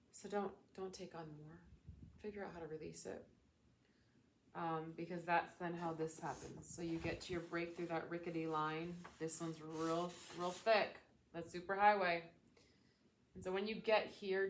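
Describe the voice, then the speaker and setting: A woman talking as a spiritual coach in a casual, gentle, reflective teaching style. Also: low-pitched, a little hiss or hum. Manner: gentle, soothing, reflective, with chatty fillers.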